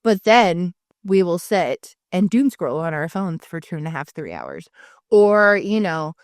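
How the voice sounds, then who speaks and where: A woman co-hosting a podcast in casual chat, telling stories lively and acting out the people she quotes. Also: fairly low pitch, unhurried, no room sound, clean studio sound. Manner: animated storyteller, acts out quoted people. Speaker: podcast co-host.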